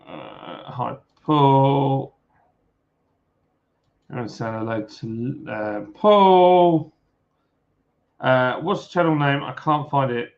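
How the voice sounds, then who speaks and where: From home, a Yorkshire-accented man hosts a livestream, joking and chatting casually with viewers as he reads comments over a beer. His mid-range voice is expressive and creaky, slow, full of pauses and filler "uh"s, all in dull lo-fi stream audio.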